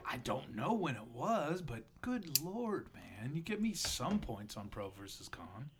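A man co-hosting a casual podcast, teasing his friend with quiet mumbled asides. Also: medium pitch, big pitch swings, unhurried, a little hiss or hum. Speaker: podcast co-host. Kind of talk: casual chat.

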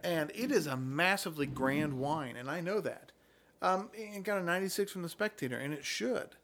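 A man's voice: fairly high pitch, moderate pace, fairly bright tone. A man with a somewhat raised voice talks wine in a loose, blunt way. He's opinionated and swears freely when something bothers him. The delivery is casual and conversational. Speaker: podcast host. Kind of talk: casual chat about wine.

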